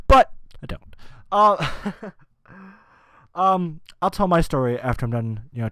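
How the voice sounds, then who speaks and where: Young male podcast host, slightly high, swears constantly, rambles and restarts. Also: no room sound. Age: 20s. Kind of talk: casual rant.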